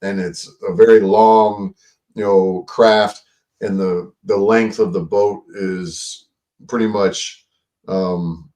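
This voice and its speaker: A man's voice: lowish voice, darkish tone, far from the mic. A man hosting a casual livestream, rambling and swearing, with lots of fillers and restarts. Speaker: livestream host.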